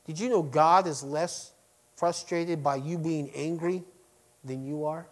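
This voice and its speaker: A middle-aged man preaching to his congregation, swinging between loud emphasis and quiet lines and asking them direct questions. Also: a little high, steady tone, a little slow. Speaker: pastor. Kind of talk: sermon.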